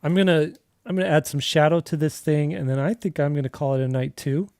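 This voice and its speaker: A man chats loosely while he draws on a livestream, wandering through a story with plenty of "like" and "you know". His voice is mellow and dark, and it sounds dry and close, with no room around it. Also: on the high side, fast talker, no echo. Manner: rambling, storytelling with many fillers. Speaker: artist livestream host. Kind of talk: casual livestream chat while drawing.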